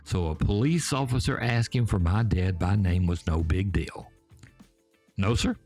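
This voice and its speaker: A man in his seventies with a Georgia accent telling folksy tales in an unhurried way, talking straight to his listeners. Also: deep voice, a little mellow, soft background music. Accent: Southern US, Georgia. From Georgia, USA. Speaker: storyteller host. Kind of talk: folksy spoken storytelling. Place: back porch.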